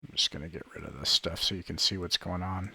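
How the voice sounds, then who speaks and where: A man narrating a tabletop game as game master, describing scenes in a halting way full of fillers over an online call. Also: sits low, fairly even intonation, creaky, bright, forceful tone, slightly rough, dry recording. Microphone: online call microphone.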